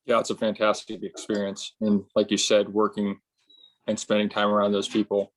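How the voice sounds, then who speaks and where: A man's voice: lowish voice, completely flat delivery, moderate pace. A man interviewing a winemaker, talking hesitantly with many ums and restarts. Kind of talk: casual interview.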